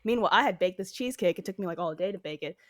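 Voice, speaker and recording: A woman with a low, rich voice and a slight cold, telling stories in casual podcast chat and laughing through them. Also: very fast. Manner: laughs through her stories, animated storyteller. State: has a cold. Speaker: co-host.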